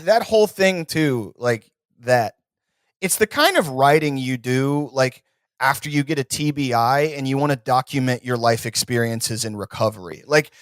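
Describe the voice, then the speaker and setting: A man's voice: medium pitch, normal speed, no room sound, studio quality. A man from Texas co-hosting a podcast, chatting in a rambling, profane, joking way and slipping into mocking voices. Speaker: podcast co-host. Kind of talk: casual comedic chat.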